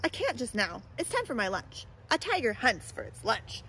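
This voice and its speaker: A woman's voice: a little high, wildly swooping pitch, moderate pace, a bit bright, slight background noise, full character voice, rough recording. A woman voicing a small, stubborn male mouse who insists he is a tiger, in a storybook read-aloud.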